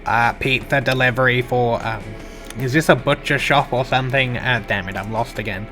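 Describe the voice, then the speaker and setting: Guy doing a mumbly lost delivery worker, low and unsure. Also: steady tone, normal speed, pushed and bright, faint music behind, close to an everyday voice. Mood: hesitant.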